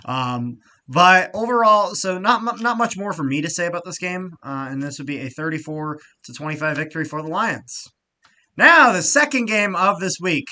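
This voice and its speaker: Animated, profane male sports podcaster. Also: high voice, moderate pace. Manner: animated, swears freely, gets loud and excited; frequent fillers and restarts. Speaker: podcast co-host. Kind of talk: casual sports chat.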